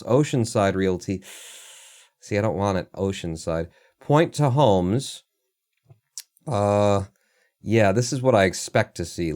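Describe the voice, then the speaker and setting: A man's voice: on the low side, darkish tone. A man livestreaming, rambling through casual commentary in a sardonic and profane way. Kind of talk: casual live-stream commentary.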